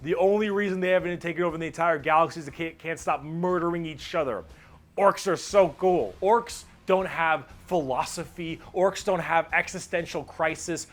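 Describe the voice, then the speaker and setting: An excitable man explains a tabletop war game with gusto, cursing often. His voice sits a little high for a man. He drops in quick bits of character mimicry along the way. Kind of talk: animated casual explanation.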